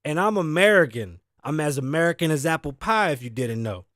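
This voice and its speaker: A tired man from the Bronx hosts his own show, rambling through a profane, self-deprecating monologue. His voice sits a little high for a man. The sound is close and dry, with no room around it. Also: animated, a little fast, fairly bright tone, dry recording. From New York, the Bronx. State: sleepy, tired. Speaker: host. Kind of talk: casual solo talk show monologue. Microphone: studio mic through audio interface.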